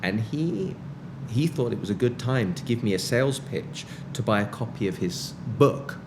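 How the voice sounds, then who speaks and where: A man's voice: on the low side, lively intonation, normal speed, background noise. Wry British man telling stories. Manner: wry, self-mocking storyteller. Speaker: musician guest. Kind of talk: casual interview chat.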